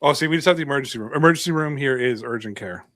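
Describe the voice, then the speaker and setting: A man's voice: medium pitch, rapid-fire, a bit bright, no room sound. A man from Canada co-hosting a sports podcast, talking in a sarcastic, ranting, jokey way. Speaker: podcast co-host. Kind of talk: casual chat.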